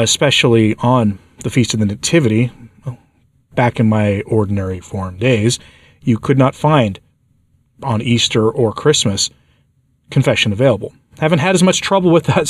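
Male podcast host, mid-pitched, earnest sermon reading, dry close mic. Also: no echo.

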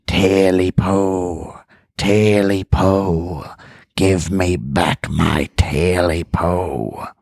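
A spooky red monkey-like creature, as a man puts it on in a storytelling podcast, drawing each word out slowly and menacingly. The voice sits a little low and strange, close and dry with no room sound. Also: steady tone, creaky, a little mellow, no echo, exaggerated voice. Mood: eerie. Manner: slow, drawn-out, menacing chant. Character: vengeful red monkey-like creature, growling and eerie.

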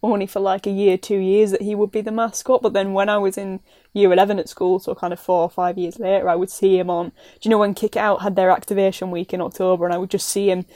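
A woman's voice: medium pitch, level tone, fast talker, dark tone, no echo. Young woman guest from England, level tone, dry recording. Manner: tells a story with small laughs. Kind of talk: casual chat.

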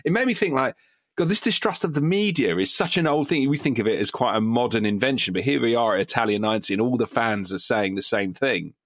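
A man's voice: medium pitch, fast talker, no echo, studio quality. A man chatting casually on a podcast, recounting scenes in a conversational way. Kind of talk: casual chat.

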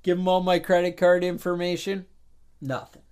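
A man's voice: sits high, completely flat delivery, normal speed, a little mellow, smooth. A man co-hosting a podcast in casual chat, telling a long story with exasperated asides and acted-out phone calls. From New York. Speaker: podcast co-host.

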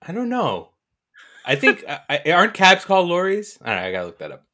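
A woman's voice: lowish voice, wildly swooping pitch, fast, fairly bright tone. A woman co-hosting a podcast, talking in dry, teasing casual chat. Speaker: podcast co-host.

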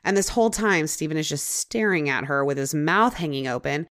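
A young adult woman hosting a podcast, telling a true-crime story in a casual, chatty way. She uses many "like" fillers and drops into dramatic pauses. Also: low-pitched, lively intonation, a bit bright. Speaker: podcast host.

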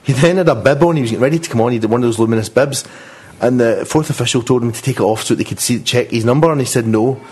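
Casting: husky man, mid pitch, animated football storyteller. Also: rapid-fire, hardly any pauses. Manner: animated storyteller, relishes the anecdotes. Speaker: podcast regular. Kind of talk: casual football podcast storytelling.

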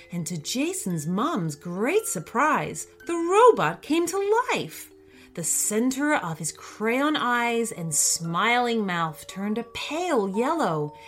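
A woman reading a children's bedtime-style story aloud, expressive and unhurried. Her pitch sits a little high and rises and falls a lot. Faint music plays beneath her. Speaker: narrator.

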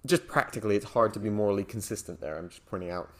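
A man's voice: fairly low pitch, quick pace, a bit bright. A man co-hosting a casual podcast discussion, thinking aloud with many hedges and fillers. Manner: thoughtful, hedging, frequent "like" and "um". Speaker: podcast co-host.

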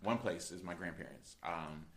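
A young man hosts a podcast in a loose, rambling way. His voice sits low. The room lends it a noticeable echo. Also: moderate pace, a little hiss or hum. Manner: rambling, animated storyteller. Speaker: podcast host. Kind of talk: casual chat.

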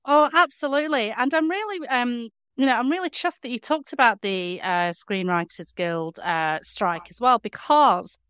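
A woman's voice: fairly high pitch, expressive, moderate pace, hardly any pauses, fairly bright tone, smooth, no echo, clean studio sound. A woman co-hosting a podcast, talking casually with many hesitations and fillers. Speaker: podcast co-host. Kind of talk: casual chat.

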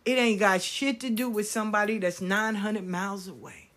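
A woman's voice: medium pitch, moderate pace, a bit bright. A woman who reads spiritual cards, ranting to her viewers in a blunt, profane, emphatic way. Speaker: spiritual card reader. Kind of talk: casual rant to viewers.

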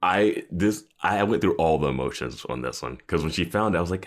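A man with a very deep voice chatting on a podcast. He talks loosely, trails off, and leans on fillers as he thinks aloud. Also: a little fast. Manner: relaxed, trails off, fillers like "like" and "you know". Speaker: podcast co-host. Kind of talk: casual recap chat.

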